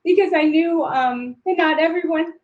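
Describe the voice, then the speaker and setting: A woman guest telling a story in casual chat, excitable and animated, laughing often. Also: very high-pitched, moderate pace, dull audio.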